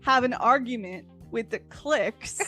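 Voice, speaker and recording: A woman's voice: on the high side, unhurried, faint music behind. A woman co-hosting a podcast, chatting casually as she recaps a TV episode and acts out the characters' lines. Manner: animated storytelling, acting out characters' lines. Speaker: podcast co-host.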